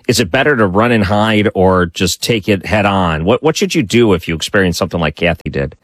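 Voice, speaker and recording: A man hosting a late-night call-in radio talk show, chatty and musing out loud as he takes calls. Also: low voice, animated, a little fast, no room sound.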